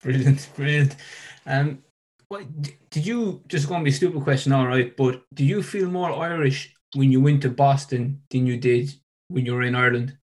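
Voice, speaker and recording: Male interviewer with a mid-range voice, asking halting questions in relaxed chat. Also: medium pitch. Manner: hesitant, brief acknowledgements. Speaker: podcast host.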